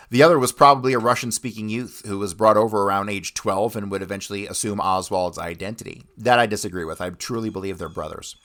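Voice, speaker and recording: A man's voice: lowish voice, a bit bright. A man hosting a history podcast, reading passages aloud and breaking off into blunt, profane asides. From United States. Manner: blunt, swears often, rants between readings. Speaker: podcast host. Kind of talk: history commentary with read-out passages.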